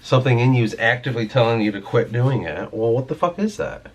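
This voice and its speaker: A man's voice: medium pitch, fast, breathy edge, dull audio. A man venting in a casual vlog about his writing and his job, rambling and swearing as he talks. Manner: frustrated, rambling, swears freely. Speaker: vlogger and writer.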